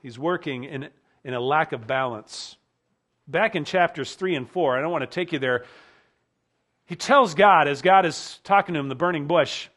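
Earnest man preaching a sermon. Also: normal speed. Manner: earnest, drops low and quiet to stress points. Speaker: pastor.

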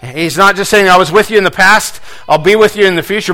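A man preaching a sermon as pastor, earnest and emphatic, repeating key phrases, swinging between loud stress and quiet phrase endings. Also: sits high, fast.

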